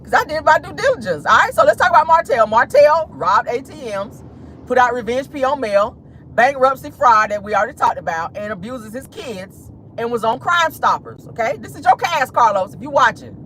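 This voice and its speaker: A woman hosting a casual celebrity gossip vlog, sassy and animated, laughing and talking straight to her viewers. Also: fairly high pitch, fairly quick, a little hiss or hum. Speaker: host.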